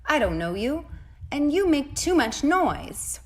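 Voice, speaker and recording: A fussy little rosebud girl who wants her quiet, as a woman reading a storybook puts her on. She protests emphatically and indignantly, her pitch swooping up and down with lively expression. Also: slow, full character voice. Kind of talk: storybook read-aloud.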